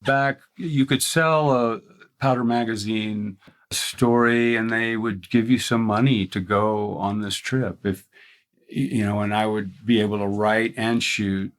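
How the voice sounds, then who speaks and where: An older man from Mississippi, a ski photographer, tells stories in a casual interview with a faint Southern accent. His fairly low voice is steady and a little slow, and he rambles and restarts often.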